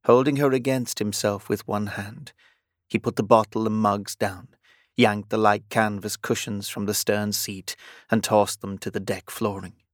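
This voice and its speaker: A man reading romance fiction as an audiobook narrator, even and measured. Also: lowish voice, no room sound, studio quality.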